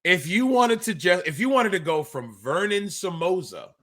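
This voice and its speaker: A man co-hosting a casual wrestling podcast, animated and quick to gripe, acting out the quotes he retells. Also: high voice. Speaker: podcast co-host.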